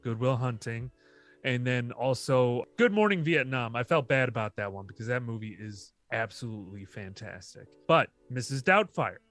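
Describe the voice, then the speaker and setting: A man's voice: mid-range voice, lively intonation, moderate pace, fairly bright tone, no room sound, faint music behind. A man co-hosting a podcast, chatting casually and rambling a little, with free swearing. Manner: rambling, loose, swears freely. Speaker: podcast co-host. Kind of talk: casual chat.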